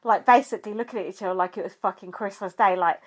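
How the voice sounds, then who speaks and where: A woman co-hosting a casual chat, retelling events in an animated way with plenty of "like" and swearing. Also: mid-range voice, fast. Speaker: podcast co-host recapping a reality show.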